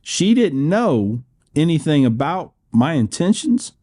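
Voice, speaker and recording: A man's voice: on the high side, sing-song, a little slow, darkish tone, husky. An American man in his sixties, a podcast guest who tells his story in a rambling way, laughing often and restarting phrases. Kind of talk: storytelling interview.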